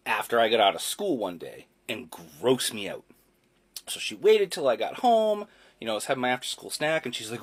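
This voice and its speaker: Man, 40s, husky voice, lively delivery, loose casual storyteller. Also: medium pitch. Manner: chatty, loose, swears casually.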